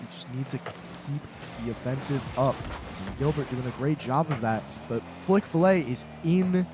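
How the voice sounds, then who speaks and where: A man giving live esports play-by-play from a college studio set, excitable and tripping over his words. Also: mid-range voice, normal speed. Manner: excitable, stumbles and repeats words. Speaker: esports caster. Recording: steady background noise.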